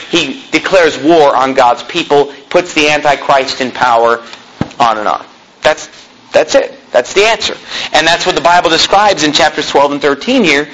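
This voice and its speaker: A man's voice: on the high side, bright, forceful tone, low-quality recording. A man preaching a sermon as pastor, reading scripture aloud emphatically and telling stories to the congregation.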